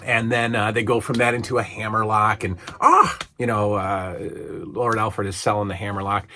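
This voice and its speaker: Lowish-voiced rambling man reviewing wrestling. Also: little pitch movement, normal speed, pushed and bright. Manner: rambling, chatty, frequent fillers and restarts. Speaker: podcast host reviewing old wrestling shows. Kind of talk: casual retro wrestling review.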